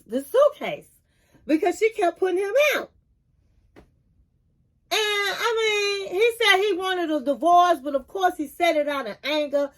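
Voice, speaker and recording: Sassy high-voiced woman recapping. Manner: sassy and chatty, calls listeners honey and kings and queens. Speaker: commentary channel host. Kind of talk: casual reality-show recap.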